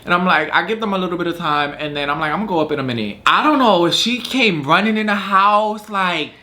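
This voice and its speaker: A young man hosting a casual storytime vlog, telling the story in an animated way, acting out quotes, with lots of slang and swearing. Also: high voice, quick pace. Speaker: vlogger host.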